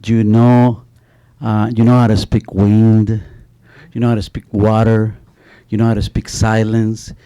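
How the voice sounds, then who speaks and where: A man's voice: on the low side, completely flat delivery, unhurried, warm tone, clear, resonant tone. A middle-aged man speaking on an author panel, telling stories animatedly with many restarts and a repeated "you know.". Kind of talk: panel talk with spoken storytelling.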